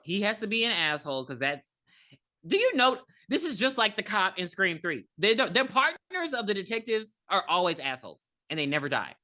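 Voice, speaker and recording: A podcast co-host recapping a horror movie in casual chat, animated and swearing freely. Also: mid-range voice, a little fast.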